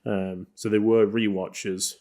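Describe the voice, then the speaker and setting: A man with a deep, low voice talking through classic films on a podcast. He rambles easily, trailing off and circling back with plenty of ums and likes. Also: takes it slowly. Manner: relaxed, rambling, many fillers. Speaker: podcast co-host. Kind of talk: casual film review chat.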